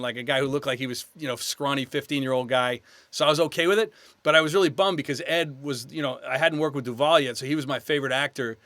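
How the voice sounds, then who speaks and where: A man in his fifties from New York, an actor guest telling animated stories in a casual podcast interview. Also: fairly high pitch, dry recording. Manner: animated anecdotes, slips into quoted voices.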